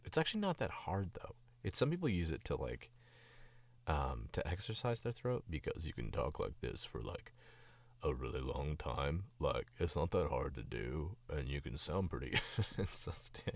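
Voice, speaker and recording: A young man rambles on a livestream about editing his voice work, critiquing himself as he goes. His voice is extremely deep and gravelly. His pitch rises and falls a great deal, recorded on a close studio mic. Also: dry recording. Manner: chatty, self-critical, rambling. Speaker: voice actor. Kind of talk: casual livestream chat while editing.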